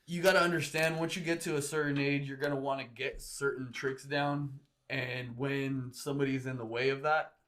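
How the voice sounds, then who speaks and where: A man's voice: medium pitch, steady tone, normal speed, hardly any pauses, fairly bright tone. A man from Southern California, a guest on a podcast, talking in an earnest, laid-back, slangy way. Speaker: guest skateboarder. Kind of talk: casual podcast chat.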